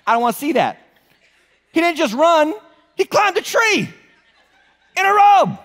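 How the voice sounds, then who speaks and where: A male pastor with a New England accent preaching an animated sermon, joking and throwing rhetorical questions at the congregation in a church auditorium. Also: very high voice, a little slow, pauses often. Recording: long hall reverb.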